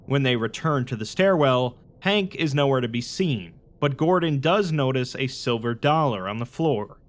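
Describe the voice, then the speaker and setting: A man giving a steady, matter-of-fact scripted narration that recaps a film's plot. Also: medium pitch. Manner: even, matter-of-fact retelling.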